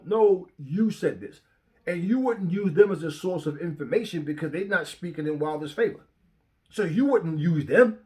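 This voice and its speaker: A fairly high-voiced middle-aged man rants from his home about the fight game. He curses freely, jeers at his critics and doubles up his words when he gets heated. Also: animated, moderate pace. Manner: profane, combative, mocking commenters, repeats words when worked up. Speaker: boxing commentary channel host. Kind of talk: heated rant to camera.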